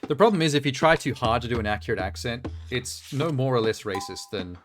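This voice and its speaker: A man's voice: mid-range voice, lively intonation, a little fast. Blunt, joking male streamer. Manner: blunt, profane, joking asides. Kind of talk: casual live-stream gameplay commentary. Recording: game music playing behind.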